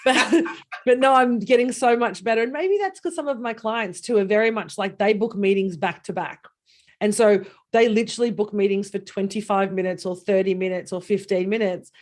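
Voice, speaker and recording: An animated woman co-hosting a casual chat on a video call, acting out quoted voices and laughing. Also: mid-range voice, normal speed. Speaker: co-host.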